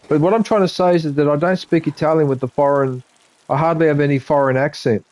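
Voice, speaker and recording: A man's voice: on the high side, quick pace, darkish tone, no room sound. A man with an Australian accent chatting casually to his live-stream viewers while he plays a game. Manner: rambling, chatty, talks to viewers between game remarks.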